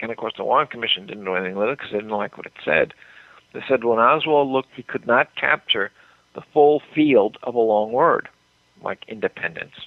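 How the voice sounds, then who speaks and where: Gravelly older man on a phone line. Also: on the low side, no room sound. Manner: emphatic storytelling, repeats words. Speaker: interview guest, researcher. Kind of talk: phone interview on radio. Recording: dry tinny phone line.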